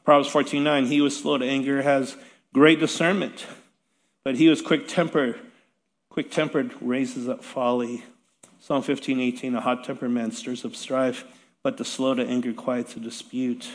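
A man's voice: mid-range voice, level tone, moderate pace. A middle-aged male pastor preaching a sermon in a chatty, self-deprecating way with light laughs. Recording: long hall reverb.

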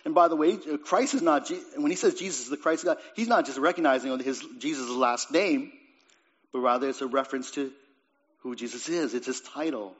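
Man preaching with swelling and hushed lines. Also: mid-range voice, a little fast. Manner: swings between raised emphatic lines and quiet, dropped phrases; repeats and restarts words while preaching. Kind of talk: sermon. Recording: dull lo-fi recording.

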